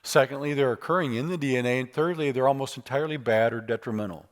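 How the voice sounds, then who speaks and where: A man at a church teaching apologetics with emphasis and easy humor. His voice sits at an ordinary middle pitch, and he leans hard on the words he wants the room to remember. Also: fast. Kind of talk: lively church lecture.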